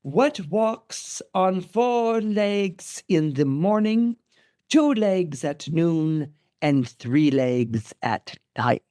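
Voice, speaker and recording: An imperious lion-bodied sphinx speaks with cold menace and stretches her riddles out slowly, as a man with a slightly high voice puts her on. She sounds looming and sure of her power. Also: animated, warm tone, dry recording, clean studio sound. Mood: riddling.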